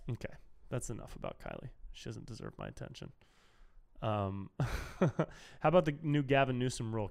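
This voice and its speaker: A man's voice: medium pitch, clean tone. A man hosting a solo podcast, ranting sarcastically and saying dude a lot. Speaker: podcast host.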